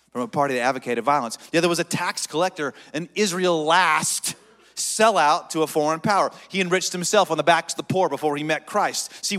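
A man's voice: a little high, bright, forceful tone, big-room sound. A man pastor preaching a sermon, dynamic and leading the congregation in call-and-response.

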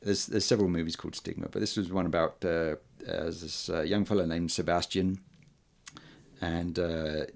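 Podcast host, male, very low voice, hesitant casual delivery with lots of fillers. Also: fairly even intonation, creaky. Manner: halting, many ums and uhs, chuckles often. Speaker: podcast host reviewing old films. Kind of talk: casual chat.

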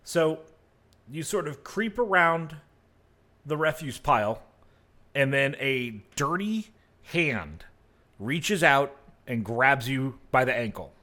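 Slow-talking male game master. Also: mid-range voice. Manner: relaxed, hesitant narration with many fillers. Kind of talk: narrating a tabletop game.

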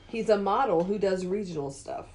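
A woman's voice: medium pitch, normal speed, darkish tone. A woman co-hosting a casual podcast, summarizing a film's plot and laughing often. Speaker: podcast co-host recapping the film. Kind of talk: casual chat.

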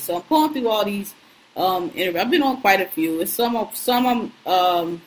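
A woman's voice: medium pitch, animated, normal speed, poor audio. Podcast co-host, woman in her thirties, AAVE, blunt and profane, venting in casual chat, faint hiss behind.

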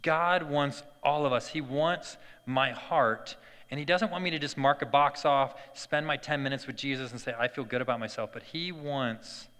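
A man's voice: mid-range voice, moderate pace, fairly bright tone, smooth. A man in his thirties tells a family story as a devotional talk, chatting casually with lots of fillers and restarts. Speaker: speaker giving a devotional talk. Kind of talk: sermon-style personal story. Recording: long hall reverb.

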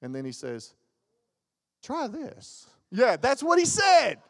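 Animated pastor in a reverberant church. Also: male voice, extremely high pitch, moderate pace, vocal fry. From Southern United States. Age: 40s. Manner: animated storytelling with jokes and mimicked voices. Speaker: guest pastor. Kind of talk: lively sermon with stories. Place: church sanctuary.

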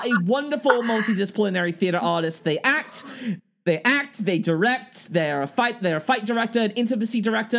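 A woman's voice: a little high, fairly bright tone. A woman hosting a podcast in casual chat, chatty and laughing often, often restarting her sentences. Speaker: podcast host.

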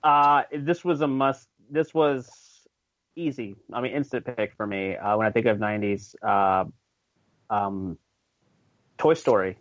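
A man's voice: fairly low pitch, steady tone, unhurried, a bit bright, no echo, muffled recording. A man in a casual podcast chat, talking hesitantly with many fillers and restarts. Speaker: podcast co-host.

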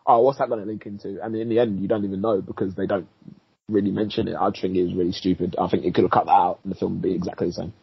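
Raspy fast-talking man. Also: sits low, level tone, no echo. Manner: blunt, quick opinions. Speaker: podcast co-host. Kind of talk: casual film review chat. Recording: dull, slightly lo-fi dry sound.

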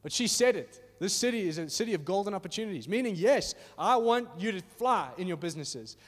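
A man preaching a sermon in a church hall in an animated, conversational way, often asking "are you with me?". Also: high-pitched, brisk. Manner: animated and conversational, acting out little voices, asks "are you with me?". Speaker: pastor. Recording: reverberant hall.

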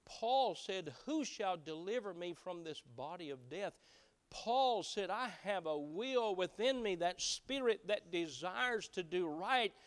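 A man preaching a sermon in a folksy way, dropping to hushed voices when acting out conversations and rising to loud emphasis. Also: high-pitched, animated, slow, clear, resonant tone. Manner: swings between hushed acted-out dialogue and loud emphatic preaching; folksy, preaching with colloquial phrases. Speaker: pastor.

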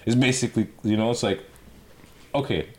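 A slangy, animated man riffing in a relaxed chat. His voice sits in an ordinary middle register, and he sometimes slips into quick voices. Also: medium pitch. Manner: slangy, animated, does quick accent impressions. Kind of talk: casual chat.

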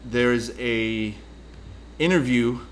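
A man's voice: mid-range voice, very slow, a little hiss or hum. A man co-hosting a podcast in casual chat, rambling through stories and swearing freely. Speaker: podcast co-host.

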